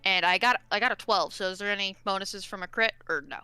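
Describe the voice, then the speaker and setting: A woman playing in a tabletop role-playing game, chatting quickly about her rolls and moves. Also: mid-range voice, sharp tone, clean tone, no echo, faint music behind. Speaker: player. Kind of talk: casual tabletop play.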